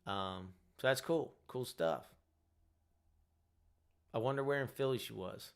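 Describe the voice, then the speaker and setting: A man's voice: medium pitch, a little slow, vocal fry. A man in his thirties chats casually as host of a livestream. He sounds tired and rambles, with frequent "like"s and "you know"s.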